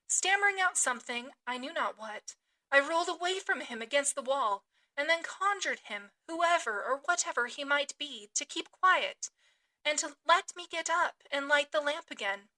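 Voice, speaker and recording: A woman podcast host reading a classic novel aloud with expressive, dramatic delivery. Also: sits high.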